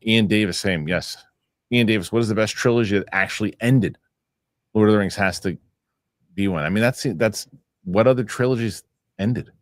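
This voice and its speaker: A man's voice: fairly low pitch, moderate pace, pauses often, no echo, studio quality. A man hosting a casual show, reading viewer comments aloud and stumbling over restarts. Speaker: host. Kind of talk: casual chat reading live chat.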